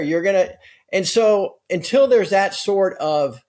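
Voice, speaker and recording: A man speaking as a guest analyst in a conversational interview, brisk and explanatory. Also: high voice, darkish tone. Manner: brisk, explanatory, with occasional laughs.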